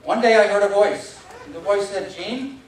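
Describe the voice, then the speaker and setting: A man giving a humorous contest speech in an animated, self-mocking storytelling manner, in a large hall with a live audience. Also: high-pitched, fairly quick. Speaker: contest speaker. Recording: echoey hall, distant mic, audience laughter.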